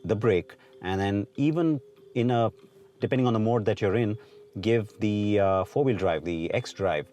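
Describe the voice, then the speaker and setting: A man's voice: on the low side, normal speed, mellow. A man explaining car driving settings in a casual, explanatory way, with some fillers.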